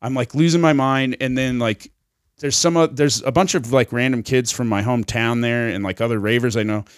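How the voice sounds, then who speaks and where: A man's voice: mid-range voice, fairly even intonation, fairly quick, clear, resonant tone, no echo. A man in the middle of his range tells a rambling story, cursing freely and chuckling at himself. The sound is dry and close, with no room in it. His talk is loose and casual, full of "like" and restarts. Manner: rambling, swears a lot, laughs mid-story. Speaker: podcast co-host.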